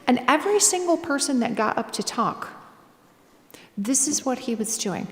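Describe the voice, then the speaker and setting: A woman's voice: fairly high pitch, moderate pace, very noisy. Chatty woman author on a stage. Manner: chatty and animated, with many fillers. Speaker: author and guest speaker. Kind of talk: casual storytelling talk before a live audience. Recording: echoey hall, faint ambience.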